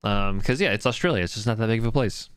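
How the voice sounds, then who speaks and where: A man's voice: fairly low pitch, quick pace, fairly bright tone, smooth, dry recording, studio quality. A man co-hosting a podcast in casual chat, rambling with lots of fillers, swearing enthusiastically. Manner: profane, enthusiastic. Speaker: podcast co-host.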